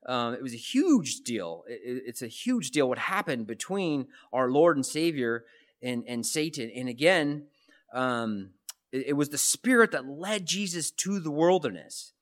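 A man's voice: medium pitch, sing-song, measured pace. A man preaching a sermon in a conversational way, often restarting phrases and asking rhetorical questions. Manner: conversational, repeats words and asks rhetorical questions. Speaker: pastor.

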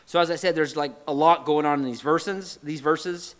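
A male pastor preaches in a relaxed, conversational way, retelling scripture in everyday language. His voice sits a little high for a man, and he keeps checking in with his listeners. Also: moderate pace. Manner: conversational, often adding "right?"; retells scripture with lively paraphrase. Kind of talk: sermon.

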